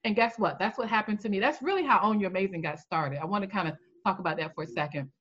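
A woman coach telling an animated story in a podcast interview, acting out the voices she quotes. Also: quick pace, highs cut off. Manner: animated storyteller, acts out quoted voices with big pitch jumps. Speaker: coach and founder.

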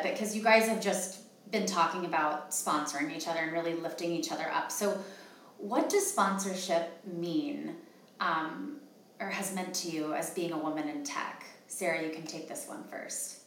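A woman's voice: on the low side, normal speed, slight background noise. A woman in her twenties hosting a casual panel, telling chatty stories full of fillers. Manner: chatty storyteller, many fillers. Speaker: host. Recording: echoey, distant from the mic.

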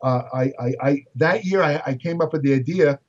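Recorded lo-fi and far from the mic, an older Brooklyn man who writes about bodybuilding shares anecdotes chattily, repeating words and often filling and restarting. His voice is a little high and a little mellow, and he talks fairly quickly.

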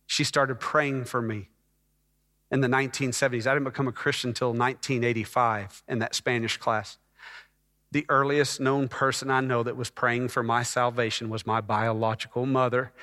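A man preaching a personal testimony as a sermon, telling his story with hushed moments that build to loud, emphatic passages. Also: medium pitch, level tone, moderate pace. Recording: long hall reverb.

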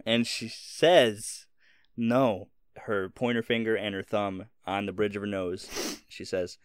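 A man's voice: lowish voice, fairly even intonation, takes it slowly, clear, resonant tone, no echo, clean studio sound. A man narrating as game master of a tabletop game in a plain, matter-of-fact way.

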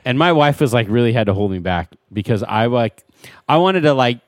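A man in casual conversation telling a story with lots of energy, his voice jumping high when indignant. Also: animated, a little fast, no echo, studio quality. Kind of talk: casual chat.

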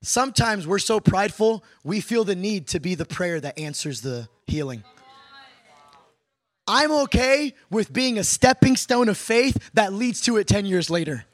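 A man leads a casual sermon-style lesson, his voice sitting high and lively. He jumps into playful asides to his audience. The sound is dry and close, with no room echo. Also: unhurried. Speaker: preacher teaching a class on prayer. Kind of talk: conversational sermon teaching.

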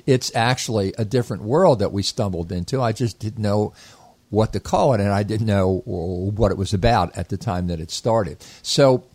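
A man's voice: on the low side, moderate pace, darkish tone, breathy edge, no room sound. A man co-hosting a talk show, explaining ideas about an inner realm in a reflective, meandering way with frequent restarts. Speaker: co-host, inner child therapist. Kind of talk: casual conversational teaching.

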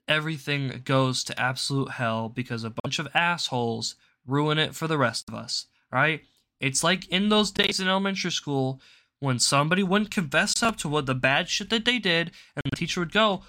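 A young man hosting a political commentary show, ranting angrily and profanely with sudden loud outbursts. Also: fairly high pitch, normal speed. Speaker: host.

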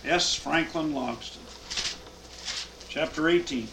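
A man's voice: on the high side, slow pace, noisy background. A man teaching a Bible class, reading scripture aloud with emphatic cadence and then explaining it.

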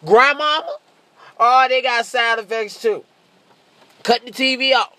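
Man, stand-up comedian, high voice, profane, brash, laughs a lot. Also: measured pace, sharp tone, no room sound. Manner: slips into shrill mocking voices. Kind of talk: stand-up monologue.

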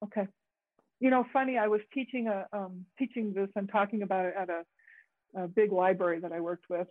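A woman facilitator teaching a group over a video call, talking haltingly with many fillers and restarts. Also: mid-range voice, dry recording. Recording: tinny phone-like call audio, dry.

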